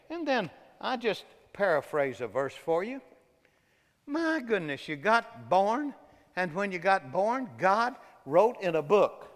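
A man preaches a sermon in a high-ish, bright and forceful voice. He jumps from loud bursts down to soft, hushed phrases, and his voice rings through a hall with a long reverb.

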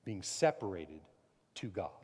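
A pastor preaching a sermon, swinging from loud emphatic peaks down to low, quiet stretches. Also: male voice, big pitch swings, measured pace, breathy edge, long reverb tail.

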